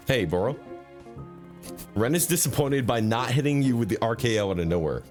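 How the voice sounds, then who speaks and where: A man streaming a video game, joking, swearing and talking to his chat with sudden jumps in pitch. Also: lively intonation, a little fast, long pauses, a little mellow. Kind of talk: casual gaming commentary. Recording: faint background game music.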